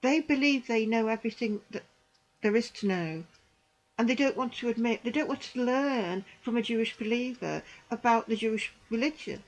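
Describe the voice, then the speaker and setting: A woman's voice: a little high, moderate pace, poor audio. A middle-aged woman giving a personal testimony, indignant and emphatic, repeating phrases for emphasis. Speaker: vlogger recounting church experiences.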